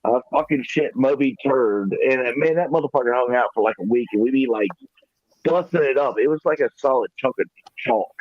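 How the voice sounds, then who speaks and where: A man's voice: medium pitch, no echo. Rambling man on a dull dry mic. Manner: rambling, profane, halting restarts. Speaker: podcast co-host. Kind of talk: casual storytelling.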